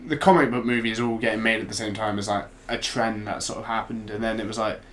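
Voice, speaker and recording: A man's voice: fairly low pitch, steady tone, fast, a bit bright, a little hiss or hum. A man co-hosting a casual podcast chat, rambling and restarting his thoughts. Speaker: podcast co-host.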